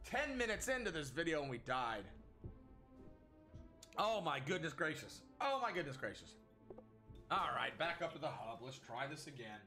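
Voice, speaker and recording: Excitable male gameplay host, slightly high voice, lively delivery. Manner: excitable, frequent exclamations, self-talk. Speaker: gaming channel host. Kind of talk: casual gameplay commentary. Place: at home. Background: game music.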